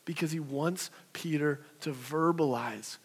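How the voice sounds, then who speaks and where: A man in his thirties preaching a sermon. He talks in a conversational way, rising to animated bursts and dropping to soft, low passages. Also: unhurried, creaky, husky. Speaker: pastor. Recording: long reverb of a hall.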